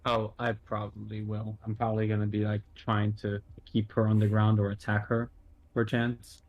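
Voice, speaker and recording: A man's voice: on the low side, monotone, moderate pace, dry recording, highs cut off. A man playing a tabletop game, joking and blunt about his character's actions. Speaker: player. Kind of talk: casual tabletop play.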